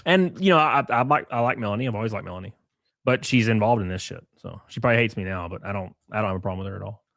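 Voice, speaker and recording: A man's voice: fairly low pitch, racing, creaky, a bit bright, no echo, studio quality. A man from Alabama with an Alabama Southern accent, hosting a casual livestream, reading chat and rambling with crude joking asides.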